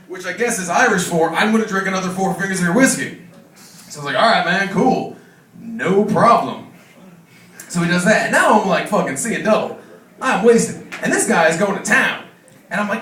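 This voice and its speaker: High-voiced man doing stand-up comedy. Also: lively intonation, a little fast, fairly bright tone, a little hiss or hum. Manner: profane storytelling, acts out other people. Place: comedy club stage. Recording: echoey room, mic from far off. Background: audience laughter.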